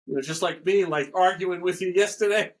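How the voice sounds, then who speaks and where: An older man chatting casually as an interview guest, rambling and halting with restarts, joking around. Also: high voice. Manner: rambling, halting, jokey, slips into playful accent impressions.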